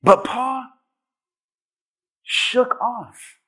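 High, bright-voiced preaching man. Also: measured pace, long pauses. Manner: dramatic, shouting at peaks, acting out quotes. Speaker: pastor. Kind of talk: sermon.

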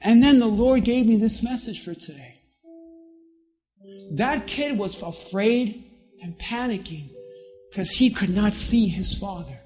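A pastor preaching a sermon with emphasis, slowing down to stress key words. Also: medium pitch, expressive, a little mellow, soft background music.

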